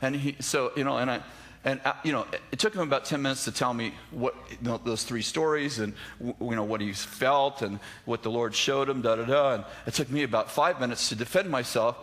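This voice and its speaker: A man with a bright, forward voice tells a story from the pulpit. He mocks himself, acts out both sides of a conversation, and stumbles through quick restarts. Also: medium pitch. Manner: anecdotal, self-deprecating, acts out dialogue, many restarts. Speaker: pastor. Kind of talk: sermon storytelling.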